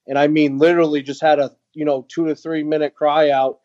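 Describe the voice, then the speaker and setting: Earnest halting man, muffled sound. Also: a little high, steady tone, mellow, no echo. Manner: earnest, halting, many fillers. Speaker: guest, veteran nonprofit founder. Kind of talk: storytelling in a podcast interview.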